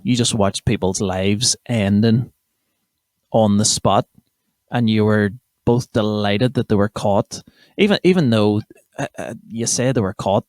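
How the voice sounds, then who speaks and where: The voice is a young man's, low-ish and a little mellow, with a Northern Irish accent from County Armagh. As a podcast host, he delivers a casual comedy monologue that rambles, swears and interrupts itself. There's no echo and the sound is clean studio quality.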